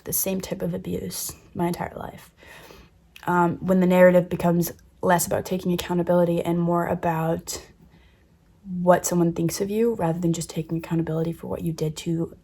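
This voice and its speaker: A young woman in her twenties with a lowish voice recounts a personal ordeal in a candid storytime monologue. Her pitch stays fairly flat. She speaks openly and curses freely as she goes. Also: gravelly. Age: 20s. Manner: candid and emotional, swears freely. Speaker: vlogger.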